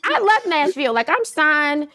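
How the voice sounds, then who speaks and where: Southern woman with a Memphis accent, interview guest, emphatic and lively, voice a touch high. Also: normal speed. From Memphis, Tennessee. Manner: animated, emphatic, laughs often. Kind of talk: casual interview chat.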